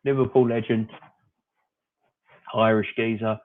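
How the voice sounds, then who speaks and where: A man's voice: on the low side, normal speed. A man hosting a casual live-stream chat, answering viewers by name in a rambling, opinionated way. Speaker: fan channel host reading live chat. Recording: phone-like narrow audio.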